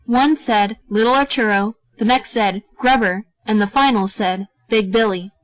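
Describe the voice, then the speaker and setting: A woman reading a story aloud as narrator in a steady, gentle way. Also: medium pitch, moderate pace, dry recording, low-quality recording.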